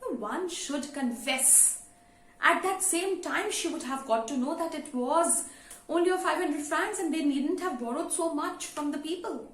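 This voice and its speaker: A woman's voice: sits high, unhurried, a bit bright. Woman teacher talking a story through, lots of you know, echoey room. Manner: conversational, frequent "you know" fillers. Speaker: English teacher. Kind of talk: explaining a story to students. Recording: roomy with faint ambience.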